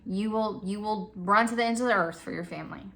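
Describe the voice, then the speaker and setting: A woman's voice: mid-range voice, fast, creaky, a bit bright. A woman in her thirties chatting casually as a vlogger, encouraging and self-deprecating. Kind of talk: casual chat.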